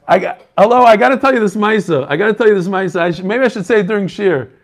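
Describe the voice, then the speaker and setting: A man's voice: high voice, quick pace. A man hosting an online learning group over a video call, chatting casually, joking and greeting people by name. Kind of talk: casual chat with group members.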